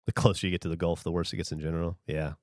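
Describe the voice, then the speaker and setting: Here a livestream host from the American South, his accent completely gone, races through casual, rambling chat, swearing freely as he responds to viewer comments. His low voice is slightly mellow with little pitch movement, recorded dry in clean studio sound.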